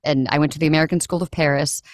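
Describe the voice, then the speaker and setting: A young woman talks casually about her work as a standardized patient, acting out her own reactions. Her voice sits a little low. The recording is dry and close, with no room sound. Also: racing, no echo. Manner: animated storyteller, acts out her own reactions. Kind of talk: casual conversation.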